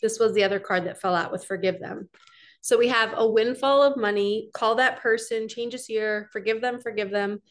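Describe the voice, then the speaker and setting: A woman's voice: fairly high pitch, moderate pace. Earnest chatty woman reading oracle cards. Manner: earnest, chatty and rambling, addressing viewers directly. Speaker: spiritual coach doing card readings. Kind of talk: casual oracle card reading monologue.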